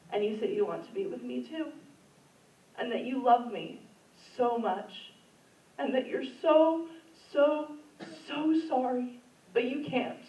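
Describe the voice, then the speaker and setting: A woman reading her own poems at an open mic in a library community room, in an earnest, emotional voice. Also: medium pitch. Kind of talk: poetry reading. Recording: roomy, distant, dull room sound.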